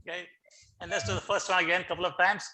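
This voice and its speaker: A middle-aged man speaks over a video call with a bright, sharp tone sitting a little high for a man. He coaxes his listeners along, repeating words as he starts his sentences. His style is animated and encouraging, like a guest speaker leading teachers. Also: fast, a little hiss or hum, low-quality recording. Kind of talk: online lecture leading laughter exercises.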